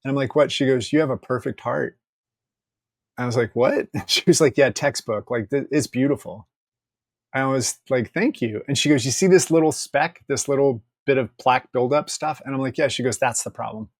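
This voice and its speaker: A man, a podcast guest, telling a story in casual conversation, candid and joking, quoting people in lively asides and swearing freely. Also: medium pitch, normal speed, dry recording, clean studio sound.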